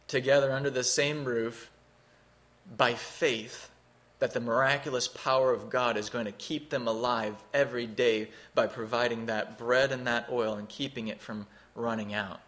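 A man's voice: mid-range voice, fairly bright tone. A man preaching a sermon, teaching through a scripture passage in an earnest, expository way, rising for emphasis.

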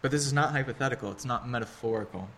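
A man's voice: mid-range voice, racing, a bit bright, a little hiss or hum. A man in his thirties preaching a sermon in a conversational, earnest way with wry asides. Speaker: pastor.

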